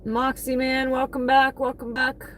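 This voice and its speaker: Slow-talking woman livestreaming to viewers. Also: sits high, flat delivery, a little hiss or hum. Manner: chatty, thanks viewers by name. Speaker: livestreaming delivery driver. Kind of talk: casual livestream chat.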